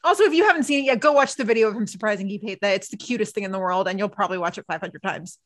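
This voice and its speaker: A woman co-hosting a podcast in casual chat, agreeing warmly and reading out listener comments. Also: medium pitch, rapid-fire. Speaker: podcast co-host. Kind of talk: casual fan chat about a TV show.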